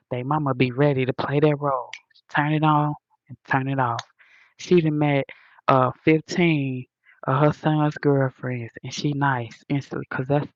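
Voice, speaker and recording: A woman's voice: sits low, no echo, dull audio. A woman hosting a livestream, answering comments in a blunt, profane, preachy rant full of slang.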